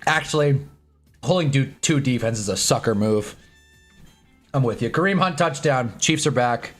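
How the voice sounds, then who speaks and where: A man at his desk mic hosts a live sports stream in casual talk. His voice sits at an ordinary middle pitch, and he rambles loosely, swearing as he chats with his viewers. Faint music plays softly under him. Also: lively intonation, normal speed. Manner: loose and chatty, swears, talks to chat. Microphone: own desk mic.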